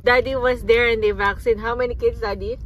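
A woman in her thirties with a Filipino accent, a mother chatting gently with her child from a car at a drive-through, teasing and coaxing. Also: a little high, steady tone, quick pace, low-quality recording. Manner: gentle, teasing, laughs often, mixes in Filipino words. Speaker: mother and family vlogger. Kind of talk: casual family vlog chat.

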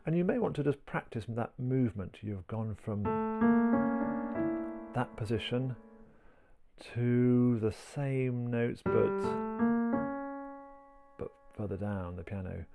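A man teaching a piano piece step by step. He talks gently while he plays and counts the beats aloud. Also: mid-range voice, takes it slowly, creaky, long pauses. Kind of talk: piano tutorial, talking while playing. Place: indoors at a piano. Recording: talk over loud piano playing.

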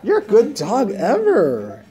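Young man, vlogger, casual chat, animated pitch, crowd noise behind. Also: slow pace. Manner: excitable, coaxing dogs, joking.

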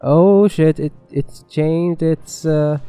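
A man's voice: fairly high pitch, steady tone, slow pace, mellow, clear, resonant tone, in a large hall, soft background music, poor audio. A man giving casual gameplay commentary as a let's play gamer, swearing a lot and talking back to the game.

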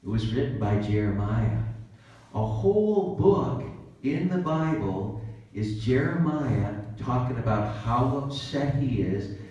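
A man's voice: medium pitch, animated, slow pace, a little mellow. A man preaching in a church in a conversational style, now and then acting out what people say. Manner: conversational preaching with acted-out quotes. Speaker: pastor. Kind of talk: sermon. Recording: dull, roomy church recording from a distance.

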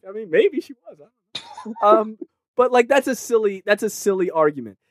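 Male podcast co-host, animated and profane, slightly high voice, dry close sound. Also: moderate pace, dry recording. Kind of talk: casual film podcast discussion.

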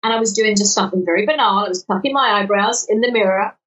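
Animated woman from southwest London. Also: medium pitch, quick pace. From England, south-west London area. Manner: animated storytelling, acts out quoted dialogue, frequent restarts. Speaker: guest, lottery winner. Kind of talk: casual podcast interview. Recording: dull sound from a distant mic.

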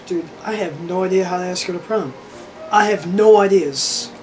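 A young man voicing an anxious teenage boy who pleads and rushes through ideas for asking a girl to prom. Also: sits high, faint music behind, natural voice, rough recording. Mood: eager.

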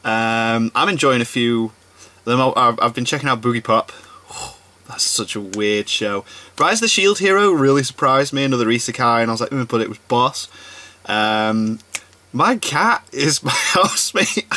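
Chatty male reaction host, bright tone, loose and filler-heavy delivery. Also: mid-range voice, animated, moderate pace. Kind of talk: casual reaction commentary.

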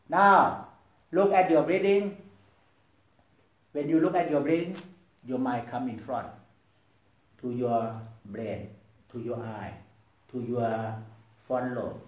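A man who is a Buddhist monk with a Thai accent, Thai as his first language, guiding meditation slowly and haltingly, repeating words softly and often checking in with "okay?". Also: mid-range voice, echoey room, low-quality recording. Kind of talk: guided meditation talk. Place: meditation hall at a Buddhist society.

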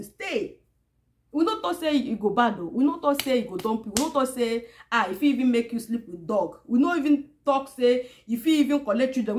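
A woman vlogger with a Nigerian Pidgin English accent, talking straight to camera in a sarcastic, emphatic way and repeating her points. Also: high voice. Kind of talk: casual monologue to camera.

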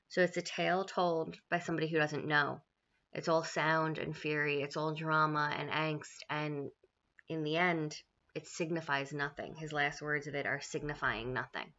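A woman's voice: low voice, steady tone, moderate pace, a bit bright, muffled recording. A woman teacher explaining a play to her class in a casual, chatty way, paraphrasing often and checking in with "right?".

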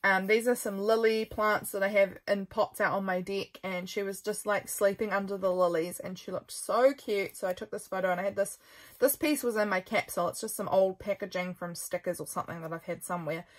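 Young NZ woman, casual chatty vlogger, mid-pitched, rambling and self-correcting. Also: fairly even intonation, brisk. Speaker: journaling vlogger. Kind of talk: casual chatty flip-through.

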